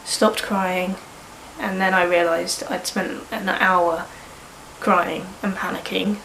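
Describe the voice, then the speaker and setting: Poor, reverberant audio with slight background noise captures a woman in her early twenties vlogging about her life. She's sniffly from a cold, speaks frankly and ramblingly, and swears without fuss. Her voice sits at medium pitch and is a bit bright.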